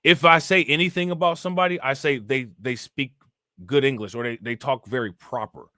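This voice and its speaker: A man hosting a casual livestream, ranting in animated, slangy commentary and reading chat comments aloud. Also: mid-range voice, fairly quick, dry recording, studio quality. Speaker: livestream host reacting to news.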